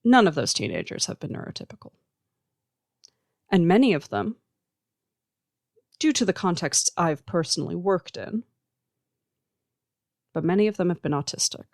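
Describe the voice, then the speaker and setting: Earnest podcaster with a gravelly voice. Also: mid-range voice, very animated, dry recording, clean studio sound. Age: adult. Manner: earnest, emphatic, listing points in slow measured runs. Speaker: podcast host who works with teens. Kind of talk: reflective solo podcast monologue.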